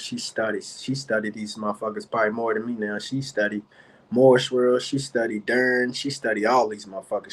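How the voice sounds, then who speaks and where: A man with a voice of middling pitch, hosting a casual commentary stream. He talks in an animated, heavily profane way, breaking into laughter as he tells stories. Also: poor audio. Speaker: show host.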